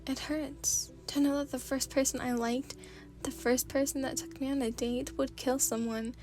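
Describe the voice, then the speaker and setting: A woman's voice: high-pitched, flat delivery, moderate pace, a little mellow, faint music behind, lightly acted. A wavering, tearful teen girl, read by a woman. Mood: pleading. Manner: wavering, pleading. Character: teenage girl, tough but tearful. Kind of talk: ASMR story reading.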